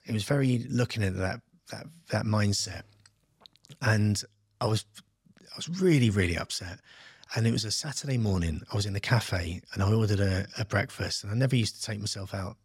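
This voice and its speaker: A man's voice: lowish voice, a little fast, slightly rough, no room sound, studio quality. A man in his thirties from England, telling his life story in a casual interview and acting out other people's lines. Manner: animated, acts out quoted voices. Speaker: podcast guest, entrepreneur.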